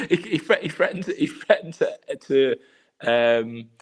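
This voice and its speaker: A man's voice: mid-range voice, expressive, slow pace. A man co-hosting a live call-in show, teasing and mocking a caller with frequent laughter. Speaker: co-host. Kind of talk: banter on a call-in stream.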